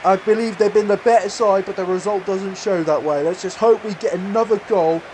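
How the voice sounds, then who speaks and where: A young man commentating his own football video game match, with outbursts of excitement whenever goals come. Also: sits high, fairly quick, background noise. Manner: shouts in bursts at goals, mock-commentator tone. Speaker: gaming YouTuber.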